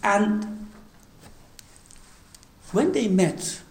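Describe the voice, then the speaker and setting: A man's voice: high voice, lively intonation, very slow. Man retelling sacred history, echoey room. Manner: recites verse, then translates with restarts. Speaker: religious storyteller. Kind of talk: religious history talk. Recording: echoey room, faint noise.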